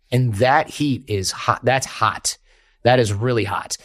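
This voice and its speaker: A man, a podcast guest telling stories in an animated way and quoting people in character. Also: medium pitch, unhurried, dry recording. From United States. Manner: animated storyteller, quotes others in character. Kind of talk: conversational interview.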